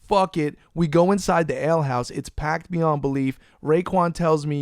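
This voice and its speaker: Animated, foul-mouthed podcast host, higher-pitched man. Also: moderate pace, hardly any pauses, no echo, clean studio sound. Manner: animated, profane, loose storyteller. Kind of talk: casual storytelling chat. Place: Florida.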